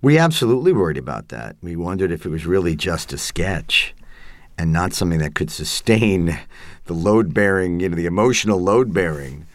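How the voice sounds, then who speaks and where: A man doing a booming 1970s ballgame announcer. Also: animated, normal speed, no echo, studio quality. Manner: smooth, booming broadcaster delivery. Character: generic 1970s male baseball announcer. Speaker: guest. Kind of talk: interview answers in a put-on voice.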